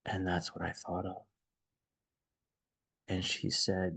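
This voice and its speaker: Deep gravelly man, rambling story. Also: completely flat delivery, fairly bright tone, no room sound, rough recording. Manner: rambling and halting, with many restarts; shaken, searching for words. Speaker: man recording a personal message to a friend. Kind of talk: casual personal storytelling.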